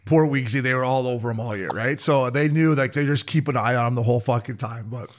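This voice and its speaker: A man's voice: medium pitch, quick pace. A man co-hosting a podcast, telling stories in rowdy, profane, laughing casual chat. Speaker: podcast co-host.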